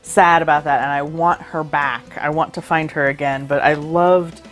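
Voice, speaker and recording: Excitable jokey woman, low voice. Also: moderate pace, faint music behind. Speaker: co-host. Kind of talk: casual chat about thrift finds.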